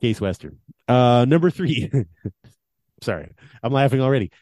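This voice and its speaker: A man's voice: mid-range voice, animated, measured pace, a little mellow, dry recording. A man co-hosting a casual comedy podcast, reading a countdown with mock solemnity and laughing at his own bits. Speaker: podcast co-host.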